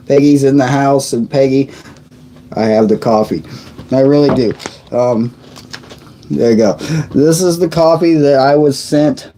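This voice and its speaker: A man's voice: medium pitch, mellow. A sleepy middle-aged man hosting a casual live stream, rambling as he greets viewers by name from his home desk. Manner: rambling, reading out viewer names. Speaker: livestream host.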